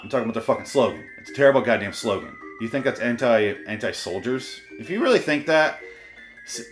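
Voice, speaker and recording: A man's voice: medium pitch, a bit bright. A man hosting a comedy show, ranting and swearing in mock exasperation, his voice worn out. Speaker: podcast host. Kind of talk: profane comedic rant.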